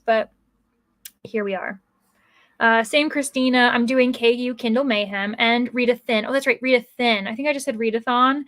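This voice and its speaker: A woman's voice: a little high, fairly bright tone, no room sound. An American woman hosting a casual book livestream, chatting and rambling as she reads out viewer comments. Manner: chatty, rambling, many fillers. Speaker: livestream host.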